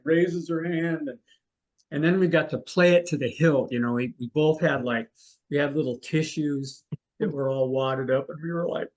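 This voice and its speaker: Animated older man telling a story. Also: a little high. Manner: animated, acts out the people he quotes. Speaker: guest, mentalist. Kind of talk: anecdotal storytelling in an interview.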